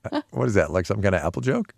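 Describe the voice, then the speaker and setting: Animated self-mocking man host. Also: on the low side, racing, gravelly, no echo, studio quality. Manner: self-deprecating, jokey. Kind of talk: casual podcast banter.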